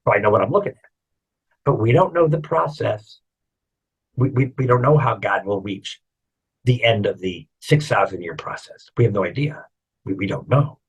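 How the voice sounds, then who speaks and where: A man, a rabbi, giving a lively Torah lecture with jokey asides and repeated refrains. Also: fairly low pitch, normal speed, husky, rough recording. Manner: animated storytelling, jokey asides and repetition.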